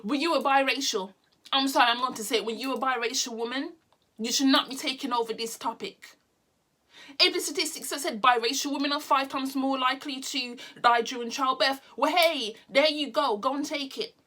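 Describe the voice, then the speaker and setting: Angry bright-voiced woman ranting. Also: high voice, brisk. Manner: angry, blunt, swearing, sarcastic. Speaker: vlogger. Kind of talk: heated opinion rant to camera.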